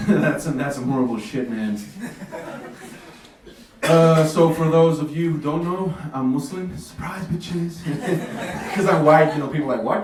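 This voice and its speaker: A man doing a stand-up comedy set in a café, talking in a laid-back, swearing way with lots of fillers. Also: mid-range voice. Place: café stage with audience. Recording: roomy, distant, noisy room recording.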